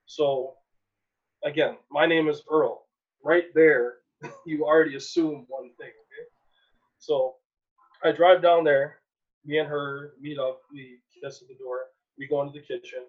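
A young man from Canada telling a personal story in a casual, animated way, laughing often and acting out the people in it. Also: on the high side, a little slow. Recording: dull lo-fi sound.

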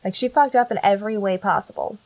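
A woman's voice: mid-range voice, fast, darkish tone, dry recording. A young woman hosting a casual chat, recounting a case and reading out quotes with blunt sarcasm. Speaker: podcast host recounting a case.

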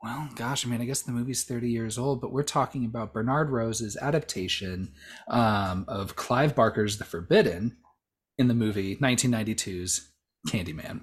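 A man's voice: medium pitch, normal speed, slightly rough. A man in his thirties hosting a casual podcast, rambling with many fillers and restarts. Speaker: podcast host.

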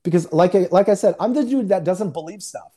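A man's voice: high-pitched, fairly quick, crowd noise. A man speaking as a guest minister, telling a personal testimony in a conversational way and acting out the dialogue in quotes over a remote call. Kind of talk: storytelling testimony.

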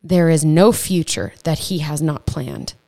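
A woman hosting a faith podcast, teaching in a chatty, earnest way, with stumbles and quick asides. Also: sits low, very animated, mellow. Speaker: podcast host. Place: home podcast setup.

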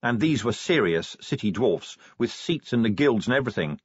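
A man narrating an audiobook in a dry, expressive storytelling manner. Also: medium pitch, normal speed, breathy edge, no room sound, dull audio.

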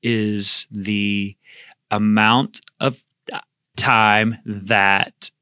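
A podcast co-host with a lowish voice speaks flatly and draws out his words, his tone bright, forceful, clear, and resonant. The recording is clean studio sound with no echo. He chats casually, laughs a lot, and often makes fun of himself.

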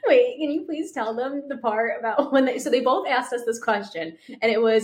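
A woman's voice: fairly high pitch, moderate pace. A young woman co-hosting a podcast, talking in a blunt, matter-of-fact way and swearing freely. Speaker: podcast co-host. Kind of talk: casual chat. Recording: roomy echo.

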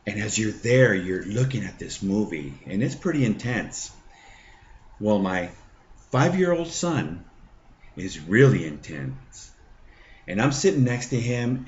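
A middle-aged man hosting a faith podcast, telling a personal testimony in a halting way full of fillers and restarts. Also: on the low side, darkish tone, dull audio. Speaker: podcast host.

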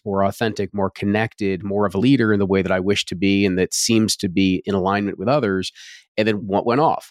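A man hosting an interview, asking measured, reflective questions. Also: low voice, no echo, clean studio sound. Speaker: interview host.

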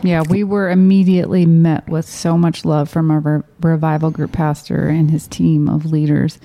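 A woman's voice: low-pitched, level tone, normal speed, mellow. A middle-aged woman co-hosting a podcast, earnestly affirming and filling in a shared personal story. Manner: earnest, affirming, fills in her husband's story. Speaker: podcast co-host. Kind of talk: casual storytelling chat.

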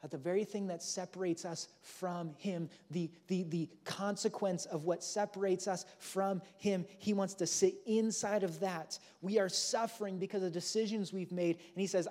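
A man's voice: high-pitched, steady tone, moderate pace, hardly any pauses, darkish tone. A male pastor preaching a sermon in a church, earnest and repeating key phrases for emphasis.

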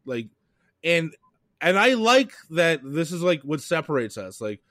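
A man's voice: a little high, big pitch swings, measured pace, a bit bright, no echo, clean studio sound. A young adult man from Canada, a podcast co-host, in casual chat, heated and profane, rambling as he talks.

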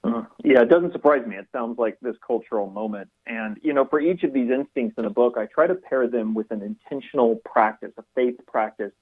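Pastor-author guest on radio, a man with a husky voice, calm and explanatory, heard over a thin phone line. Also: medium pitch. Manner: measured, explanatory. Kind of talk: radio interview.

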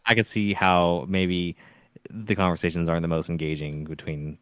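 A man's voice: sits low, level tone, normal speed, a bit bright, clean tone, dry recording, clean studio sound. A man co-hosting a casual stream, hedging and stammering as he talks. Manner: hesitant, stammering, hedging with "I mean". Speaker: podcast co-host.

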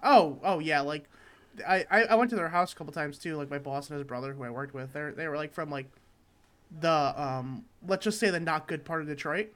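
A man's voice: a little high, brisk, fairly bright tone. A young man co-hosting a casual chat, telling rambling stories full of fillers and swearing. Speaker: podcast co-host.

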